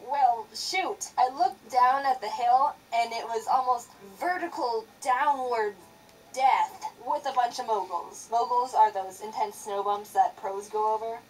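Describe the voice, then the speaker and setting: A young woman animator telling a childhood story in a sarcastic, expressive narration. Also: a little high, a little slow, far from the mic, slight background noise, rough recording.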